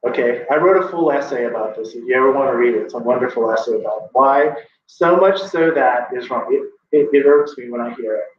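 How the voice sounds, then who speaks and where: A man's voice: mid-range voice, fast, hardly any pauses, slight background noise. Emphatic man teaching in an echoey room. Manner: emphatic, opinionated, explains with examples. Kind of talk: classroom teaching. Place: classroom. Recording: echoey room from far off, dull.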